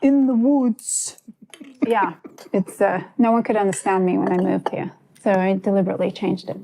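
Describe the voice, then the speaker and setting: A woman, a podcast guest, talking in a quick, matter-of-fact way. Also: mid-range voice, fairly even intonation, gravelly, warm tone, slight background noise, poor audio.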